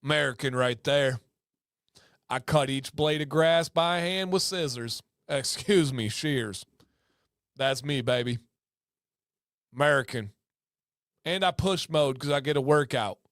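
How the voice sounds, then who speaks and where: A man putting on the voice of a macho man boasting about his lawn, in a gruff, mock-proud drawl. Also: medium pitch, measured pace, long pauses, a bit bright, no echo, clean studio sound, natural voice.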